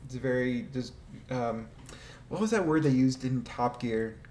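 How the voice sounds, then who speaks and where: A man ranks game vehicles casually, rambling and hesitant, swearing now and then and laughing often. His mid-range voice is unhurried with a darkish tone. The room is echoey with faint ambient noise.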